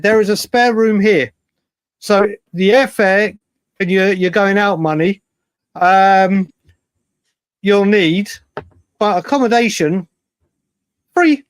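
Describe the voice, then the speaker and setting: A man's voice: sits high, no room sound. A man with an English accent co-hosting a casual football chat, emphatic and given to repeating himself. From England. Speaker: podcast co-host.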